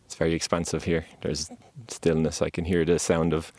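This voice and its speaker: Speaking earnestly and reassuringly, a man with a low, mellow voice delivers a heartfelt monologue as a podcast host, though his delivery is completely flat. He talks at a moderate pace outdoors on a mountain, and the sound is close and dry with no room sound.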